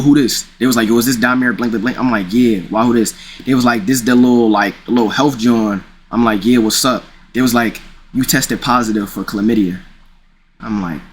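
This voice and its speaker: A man's voice: mid-range voice, fairly bright tone. A young man casually telling a rambling personal story, full of slang and restarts. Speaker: streamer.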